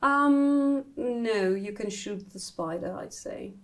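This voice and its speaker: A woman narrating as game master of a tabletop game, lively and often laughing. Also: on the high side, slow pace.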